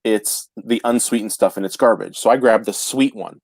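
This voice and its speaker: A man, telling a casual anecdote in a chatty, animated way with frequent restarts. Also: lowish voice, normal speed, no room sound. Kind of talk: casual storytelling chat.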